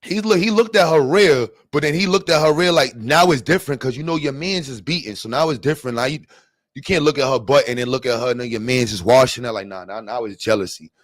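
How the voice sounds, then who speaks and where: A man hosting reaction commentary, animated and laughing, full of crude slang. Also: mid-range voice, fast, no echo, clean studio sound. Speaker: commentary host.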